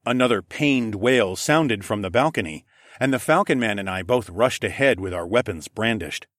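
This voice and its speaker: A man reading a novel aloud as an audiobook narrator, in a dramatic, animated reading style. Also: on the low side, moderate pace, dry recording, clean studio sound. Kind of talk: scripted narration.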